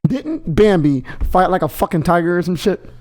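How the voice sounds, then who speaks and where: A man's voice: sits high, animated, moderate pace, a little mellow. A man co-hosting a podcast in casual chat, joking and rambling, often stumbling over his words. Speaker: podcast co-host.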